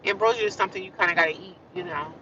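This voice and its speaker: A woman's voice: mid-range voice, very fast, sharp tone, slight background noise. A woman chatting casually with viewers on a livestream, rambling and repeating herself. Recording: distant, slightly dull phone audio.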